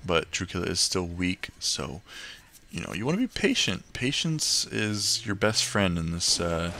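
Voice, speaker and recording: A man's voice: low voice, creaky, a bit bright, a little hiss or hum. A young man giving casual, rambling gameplay commentary and tips, full of fillers and restarts.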